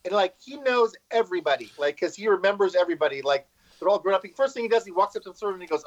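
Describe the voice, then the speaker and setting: High-pitched man chatting casually. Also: animated, racing, poor audio. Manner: chatty, lots of "like" and repeats. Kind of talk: casual movie discussion.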